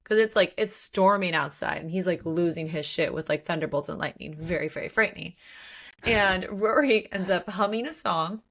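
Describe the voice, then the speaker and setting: A woman co-hosting a podcast, recapping a novel in casual chat, animated, laughing often and acting out the characters' lines. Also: fairly low pitch, moderate pace. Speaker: podcast co-host. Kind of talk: casual book discussion.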